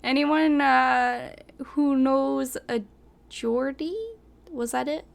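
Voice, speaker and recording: A woman's voice: high voice, fairly even intonation, slow pace, vocal fry. A young woman reading a story aloud and breaking off for giggly, chatty asides full of "like".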